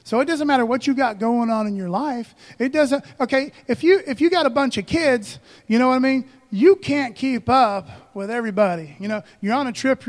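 A man preaching a sermon as pastor, conversational and joking, calling out to the congregation. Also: very high-pitched.

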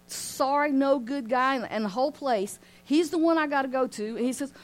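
A woman teaching an informal Bible study in a lively way, often laughing and asking her listeners questions. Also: high voice, normal speed. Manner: animated, asks the group questions, laughs often.

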